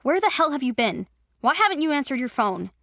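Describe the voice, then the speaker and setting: A woman's voice: fairly high pitch, brisk, no room sound, clean studio sound, lightly acted. A woman voicing a protective young male cousin who scolds like an annoyed older brother. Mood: scolding.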